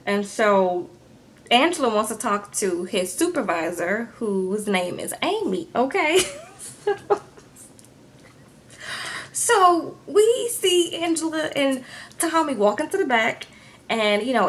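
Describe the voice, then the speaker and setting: A woman's voice: fairly high pitch, takes it slowly, pauses often. A woman recapping a reality show in a gossipy, chatty vlog, often asking "okay?". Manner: gossipy, animated, addresses viewers with "okay?". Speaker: YouTube reality TV reviewer.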